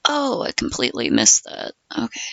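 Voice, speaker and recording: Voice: medium pitch, huge pitch swings, moderate pace, creaky, bright, forceful tone, no room sound, muffled recording. A streamer chatting casually with viewers while crafting, swearing freely and often dropping into murmurs and whispers.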